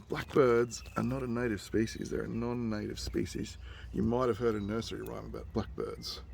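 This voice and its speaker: An Australian uncle films a casual nature vlog for his nephews outdoors in a rural yard full of bush and birds. His medium-pitched voice is creaky, with a little hiss or hum in the recording. He narrates chattily and enthusiastically, dropping to a hush near animals.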